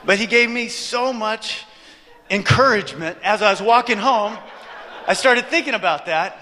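A male preacher telling a story in a sermon, animated and joking with the audience. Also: high-pitched, moderate pace. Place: church hall, before an audience. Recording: reverberant hall.

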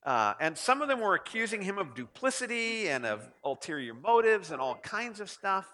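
A man's voice: high voice, sing-song, moderate pace, bright, forceful tone. A male pastor preaching a sermon and putting rhetorical questions to his listeners.

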